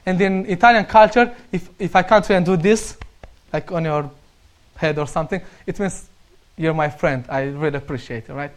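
Romanian-accented man, high voice, laughing often. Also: normal speed. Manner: laughs often while telling anecdotes. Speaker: speaker sharing stories. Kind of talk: casual storytelling.

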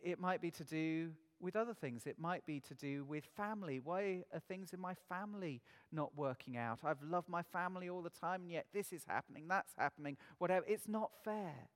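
A man's voice: fairly high pitch, moderate pace, hardly any pauses, long reverb tail. A man preaching a sermon in an earnest way, asking his listeners many rhetorical questions.

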